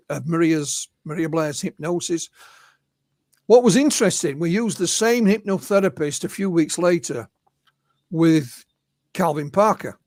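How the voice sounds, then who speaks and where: This is an Englishman, high in pitch, talking as an interview guest. He retells witness accounts, sprinkling his speech with "you know". The sound is dry and close. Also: darkish tone, dry recording. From England. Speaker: guest, UFO researcher and author. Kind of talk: anecdotal storytelling in an interview.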